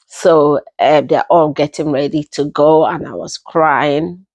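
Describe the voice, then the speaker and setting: A young woman with a Nigerian accent telling a personal story in an unhurried, casual way, often repeating herself as she goes. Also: sits low, fairly even intonation, a little mellow, no echo. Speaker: storytelling vlogger.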